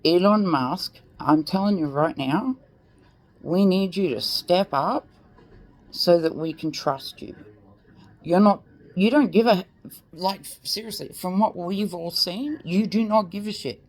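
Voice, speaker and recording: A woman's voice: on the low side, measured pace. An Australian woman vlogging, ranting straight to camera in a blunt, heated way, swearing freely and filling her talk with "like" and "mate".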